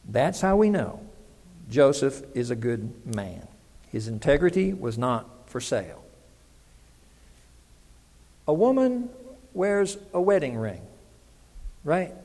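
A man with a high voice preaches a sermon, talking to the congregation in an easy, conversational way and often asking them questions. His voice rings with the long reverb of a large hall. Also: sing-song, slow, long pauses, mellow.

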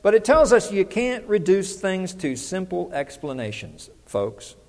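A man's voice: sits high, big pitch swings, a little slow, a little mellow, long reverb tail. A middle-aged man preaching a conversational sermon as pastor, often putting questions to the congregation.

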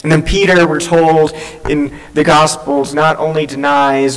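Preacher, male, dramatic storytelling sermon, slightly high voice, echoing sanctuary sound. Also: steady tone, a little slow. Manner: retells scripture dramatically, acting out quoted voices. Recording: long hall reverb.

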